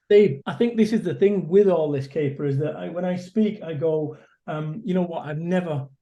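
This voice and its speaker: Middle-aged motivational speaker from Manchester; high, warm-toned, blunt and energetic. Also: male voice, moderate pace, lo-fi sound. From Salford, Manchester, England. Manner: blunt, energetic, swears casually. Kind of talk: casual interview chat.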